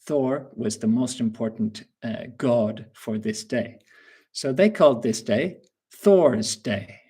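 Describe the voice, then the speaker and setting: Male teacher, husky voice, slow and patient, quizzing an online class. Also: mid-range voice, warm tone. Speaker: English teacher. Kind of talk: live webinar lesson.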